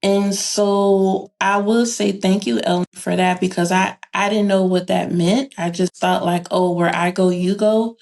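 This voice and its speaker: A woman's voice: mid-range voice, unhurried, gravelly, hardly any pauses. A woman guest on a podcast chatting casually and telling stories, acting out quoted dialogue with animation. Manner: animated storyteller who acts out quoted dialogue. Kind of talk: casual chat.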